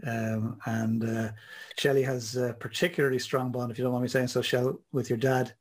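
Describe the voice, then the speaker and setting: A man's voice: medium pitch, flat delivery, normal speed. A man hosting a casual chat, encouraging his guest, often restarting his sentences. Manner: warm, encouraging, stumbling restarts. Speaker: host.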